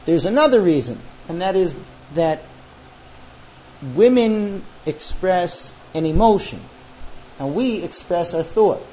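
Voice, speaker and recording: A man's voice: sits high, a little slow. A man teaching a class on marriage, telling stories and acting out the voices of husbands and wives. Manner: animated storyteller acting out quoted voices. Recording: dull lo-fi recording with faint ambience.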